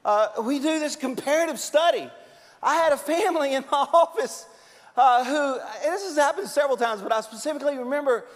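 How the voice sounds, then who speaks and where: A man preaching a sermon as a pastor, telling stories with big swings from loud to hushed. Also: very high voice. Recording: long hall reverb.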